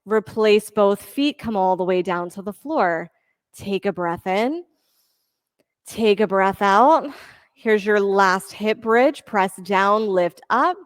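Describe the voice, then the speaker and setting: A woman teaching a yoga class, giving steady counting cues and encouraging her students. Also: medium pitch, slow, clear, resonant tone, dry recording, clean studio sound. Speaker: yoga instructor. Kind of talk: leading a live yoga class.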